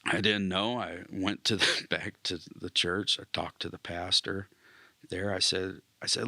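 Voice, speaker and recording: A man, a military veteran, telling an emotional personal testimony, often dropping to a hushed near-whisper and clearing his throat. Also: sits low, steady tone, takes it slowly, no echo.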